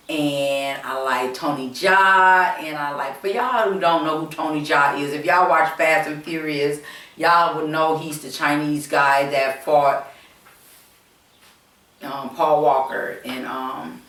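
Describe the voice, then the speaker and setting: A woman vlogger chats casually to camera, rambling and hesitant, with many fillers and repeated words. Her deep voice is slow and fairly bright, with fairly even intonation. The room is echoey and the mic is set far off.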